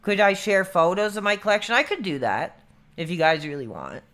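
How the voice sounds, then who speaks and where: Laid-back bright-voiced man streaming. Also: sits high, expressive, a little fast. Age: 30s. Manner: rambling, laid-back, says dude a lot. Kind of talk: casual livestream chat.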